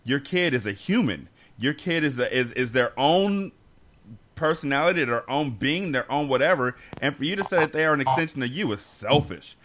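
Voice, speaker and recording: A man co-hosting a podcast, speaking with earnest reflection and often doubling back on his words. His voice sits in a middle pitch. The recording sounds a little dull and lo-fi. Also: lively intonation, normal speed, fairly bright tone. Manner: earnest, reflective, with many restarts. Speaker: podcast co-host. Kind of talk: candid conversational talk.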